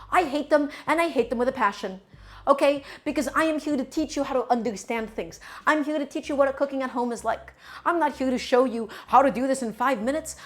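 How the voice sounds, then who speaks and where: A woman with a fairly high voice streams a cooking lesson from her home kitchen. She chats straight to her viewers and hammers home each tip by saying it again and again. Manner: emphatic, repeats key points while chatting to viewers.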